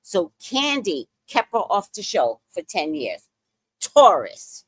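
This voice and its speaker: A woman's voice: mid-range voice, sing-song, a little slow, slightly rough, no room sound. A woman giving blunt, profane, angry celebrity gossip commentary as a show host.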